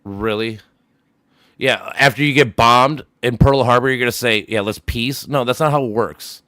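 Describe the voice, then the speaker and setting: A man's voice: medium pitch, moderate pace, pushed and bright, no room sound, studio quality. A man streaming a casual voice chat, arguing heatedly, swearing often and repeating himself as he presses his point.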